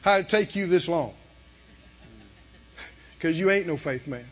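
In a sermon, a high-pitched man with a drawl preaches fiercely, moving between hushed asides and shouted lines and chuckling between points. His delivery is expressive and measured in pace. The audio is muffled and lo-fi.

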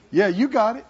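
A man preaching a sermon to a congregation, speaking slowly and pausing for asides to his listeners. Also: high-pitched, slightly rough. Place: church hall. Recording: dull sound in a hall with long reverb.

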